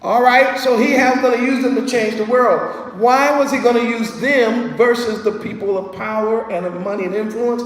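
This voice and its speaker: A man preaching a sermon in a streetwise, joking way, swinging from soft asides to shouted peaks. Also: very high-pitched, normal speed, hardly any pauses. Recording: echoey hall from far off.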